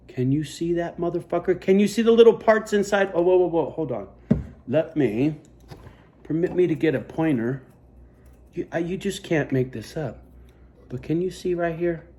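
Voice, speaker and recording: A man vlogging into a phone camera, telling a rambling story in a heavily profane, animated rant. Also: a little high.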